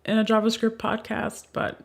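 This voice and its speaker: A woman's voice: on the high side, completely flat delivery, moderate pace, vocal fry. A woman panelist chatting casually on a tech podcast.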